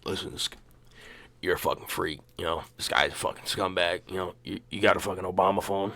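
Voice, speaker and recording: A man doing a low, sneering fighter-lawyer. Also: fairly even intonation, fairly quick, gravelly, bright, forceful tone, dry recording, exaggerated voice.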